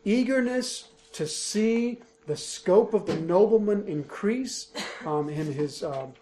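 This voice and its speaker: A man's voice: sits high, lively intonation, slow, warm tone, a little hiss or hum. A man preaching an expository sermon, emphatic and driving home key points by repeating them. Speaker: pastor.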